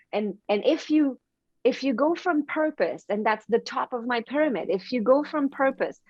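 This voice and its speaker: Canadian woman telling stories on a podcast, bouncy and animated, dry muffled audio. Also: dry recording. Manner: animated, repeats words, swings pitch when telling stories. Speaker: podcast guest, confidence coach. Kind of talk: casual interview storytelling. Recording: dry, dull lo-fi sound.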